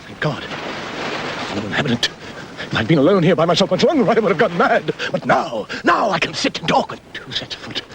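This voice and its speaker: A man's voice: big pitch swings, moderate pace, noisy background. A man playing an unhinged castaway. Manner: brooding, then manic and shrill. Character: lonely male castaway, jealous and unhinged.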